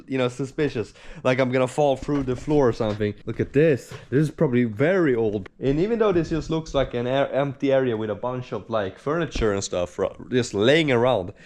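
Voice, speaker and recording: A man's voice: medium pitch, a little mellow. A young man narrating his vlog to a handheld camera, chatty and rambling with plenty of fillers. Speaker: vlogger.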